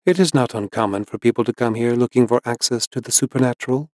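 A man reading the lines of a composed older woman herbalist who speaks in an even, unhurried tone. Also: medium pitch, no echo, clean studio sound, close to an everyday voice. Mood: cool.

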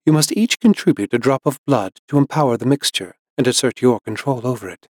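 Storybook shopkeeper: a cool, cryptic older herbalist woman, read by a man, even and unruffled, dry close sound. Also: medium pitch, no echo, lightly acted. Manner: calm, even, unhurried.

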